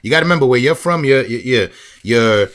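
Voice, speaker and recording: A man's voice: mid-range voice, a little fast. Hype-talking male podcast host. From Florida. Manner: animated, hypes the guest, repeats words. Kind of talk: casual podcast chat.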